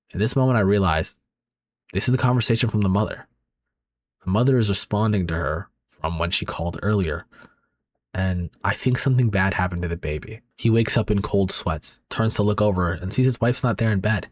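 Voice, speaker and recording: Low-voiced casual recap narrator, man. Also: brisk, no room sound, clean studio sound. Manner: chatty, talks straight to viewers, many fillers.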